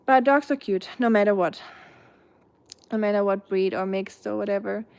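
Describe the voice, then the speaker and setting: A young woman with a German accent chats casually on a live stream, answering viewers' comments one by one. She rambles in a relaxed, unscripted way, filling her pauses with "um" and "like" and often restarting her sentences. Her pitch sits in an ordinary middle range for a woman. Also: gravelly. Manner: chatty, rambling, many fillers and restarts. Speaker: live streamer reading chat.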